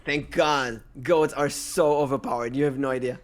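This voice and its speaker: A man's voice: mid-range voice, fairly even intonation, moderate pace. A man guesting on a livestream, trading dry teasing quips in casual banter. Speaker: streamer guest.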